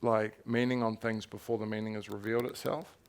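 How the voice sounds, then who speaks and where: Clear and resonant, his low-side voice stays level while he speaks fairly quickly. A young author from New Zealand, he's at a festival talk in a candid live stage conversation, recounting his story frankly and animatedly with laughter and some swearing.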